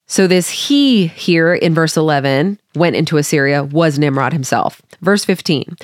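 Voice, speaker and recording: A woman's voice: sits low, lively intonation, moderate pace, no echo, studio quality. A woman hosting a Bible study podcast, reading scripture aloud and explaining it in a friendly way. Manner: friendly, explaining her study tools to listeners.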